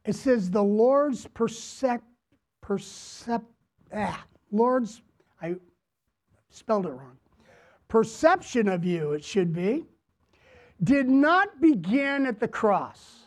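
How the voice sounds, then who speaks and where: A man preaching a sermon as pastor to his congregation, deliberate, repeating phrases and asking them questions. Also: high voice, very animated. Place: church, before a congregation.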